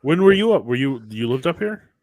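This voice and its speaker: A man's voice: mid-range voice, sing-song, a little fast, a little mellow, dry recording. A man from Detroit co-hosting an election livestream, rambling and losing track of his thoughts. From Detroit, Michigan. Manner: rambling, trails off mid-thought. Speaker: livestream co-host. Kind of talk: casual election-night chat.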